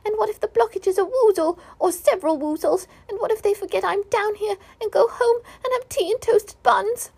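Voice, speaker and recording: Piglet, a woman doing a squeaky frightened piglet. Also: animated, brisk. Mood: panicky. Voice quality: squeaky, trembling. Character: tiny timid male piglet, anxious and squeaky.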